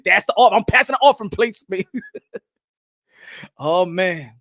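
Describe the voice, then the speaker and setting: Man, high voice, bright tone, loud mock sermon, laughs, bursts of song. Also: expressive, slow, pauses often. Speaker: boxing channel host. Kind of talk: excited livestream rant.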